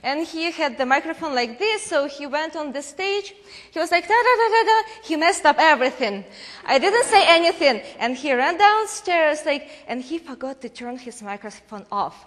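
Woman, Ukrainian accent, high voice, lively storyteller, echoey hall. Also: normal speed. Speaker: guest speaker at a church, interpreting for her husband. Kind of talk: storytelling testimony to a congregation.

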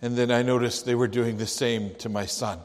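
A man acting as a grieving Jewish father in a dramatic first-person monologue, telling it in a slow, halting, hushed way. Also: mid-range voice, fairly even intonation, natural voice. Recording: long echoey hall reverb.

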